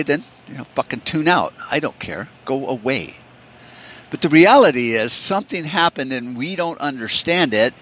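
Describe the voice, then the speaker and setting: A man's voice: medium pitch, fairly bright tone. A middle-aged man hosting a podcast, telling rambling, profane stories in a casual monologue and slipping into quoted voices. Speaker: podcast host.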